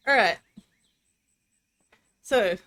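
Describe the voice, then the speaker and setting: A woman's voice: fairly high pitch, fairly bright tone. A woman streaming a game, casually chatting and reading the story text aloud. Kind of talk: casual let's-play narration.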